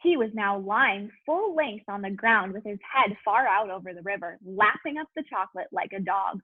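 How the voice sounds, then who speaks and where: A woman's voice: medium pitch, lively intonation, normal speed, breathy edge, no echo. Woman teacher reading aloud to an online class, tinny dry line, encouraging. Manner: warm encouraging classroom prompts. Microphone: video call. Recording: tinny video-call audio.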